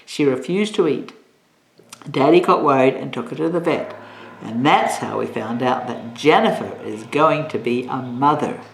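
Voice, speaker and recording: A woman reading a children's chapter book aloud in an expressive way, stopping to ask her listeners questions. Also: extremely low pitch, normal speed, vocal fry, slight background noise. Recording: echoey room.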